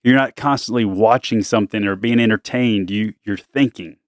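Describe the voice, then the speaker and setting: A man's voice: on the low side, moderate pace, no room sound. A man hosting a casual family podcast, playful and teasing, speaking close to a podcast microphone. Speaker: podcast host and dad.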